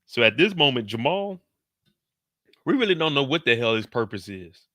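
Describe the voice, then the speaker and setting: Bright-voiced man telling a slangy recap. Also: mid-range voice, dry recording, clean studio sound. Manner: slangy, animated, quotes characters in put-on voices; talks slower than in his live streams. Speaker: show recap host. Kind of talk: casual TV recap storytelling.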